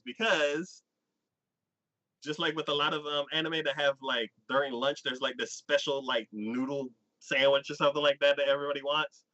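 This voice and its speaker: A man chats casually as a host, retelling a story in a loose, rambling way, full of fillers and quick acted-out lines. His voice sits a bit high and sounds bright and forceful. The audio is dull and lo-fi. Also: fairly even intonation. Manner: rambling storyteller, many fillers, acts out quotes. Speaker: podcast host. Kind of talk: casual anime recap chat.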